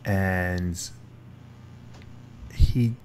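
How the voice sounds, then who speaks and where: A man's voice: low-pitched, steady tone, drawn-out words, darkish tone, clean tone. A man hosting a casual talk show, telling a long story with restarts and quoted voices. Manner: rambling, retells stories with quoted voices, many restarts. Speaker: podcast host.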